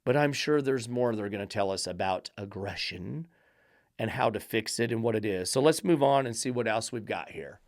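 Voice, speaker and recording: A man's voice: lowish voice, normal speed, dry recording, studio quality. A man hosting a dog training podcast, lecturing emphatically with repeated rhetorical questions. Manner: preachy, repetitive rhetorical questions.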